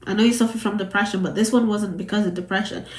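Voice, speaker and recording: A Jamaican woman chatting to camera in a casual commentary vlog. She rambles and circles back over her points at a middle pitch. Her voice bounces around a roomy space. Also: fairly even intonation, quick pace. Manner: chatty, rambling, repeats herself. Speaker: vlogger. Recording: roomy echo.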